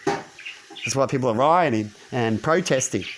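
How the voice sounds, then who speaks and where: A channel host rants to camera in a rambling monologue, constantly tacking a rhetorical "right?" onto his points. His voice sits at medium pitch, animated but unhurried, with some background noise.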